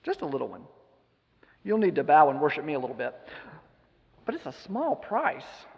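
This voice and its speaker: A goading, mocking devil, put on by a preacher, who taunts and coaxes in turn. The voice is gravelly and rather high for a man. The dull, lo-fi sound carries a long hall reverb. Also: wildly swooping pitch, normal speed, darkish tone, exaggerated voice. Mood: coaxing. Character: taunting male devil tempting in the desert.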